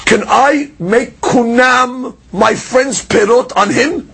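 A man with a high, breathy voice teaches a Talmud lecture. He reasons aloud through questions and answers, swinging his pitch and speed to stress each point. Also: slow pace, fairly bright tone.

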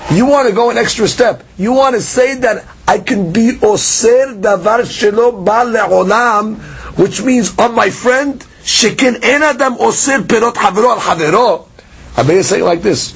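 A man giving a Talmud study lecture, explaining with questions and answers and shifting his pitch and pace for emphasis. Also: breathy edge. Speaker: Talmud teacher.

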